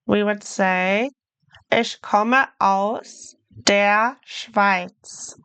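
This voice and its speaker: Slow, clear-spoken woman teaching German. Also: fairly high pitch, fairly bright tone, no room sound. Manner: slow, deliberate pronunciation drills with repeat-after-me prompts. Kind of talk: beginner language lesson.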